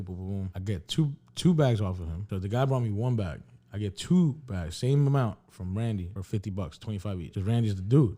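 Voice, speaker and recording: A man telling a story on a podcast in a casual, profane way, acting out the dialogue. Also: lowish voice. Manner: animated, profane, acts out dialogue. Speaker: podcast host.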